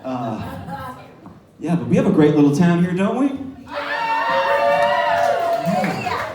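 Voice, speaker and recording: Male comic, profane rambling storyteller with a lively, swooping delivery, picked up from across an echoey bar with the crowd laughing. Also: on the high side, moderate pace, recorded from a distance. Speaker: stand-up comedian. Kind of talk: stand-up comedy set.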